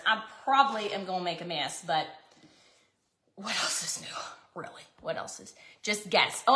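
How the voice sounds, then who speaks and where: A woman's voice: sits high, fairly bright tone, roomy sound. A woman, cooking at home and chatting to viewers in a self-mocking, dramatic way. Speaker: cooking vlog host. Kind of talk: casual kitchen chat to viewers. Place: home kitchen.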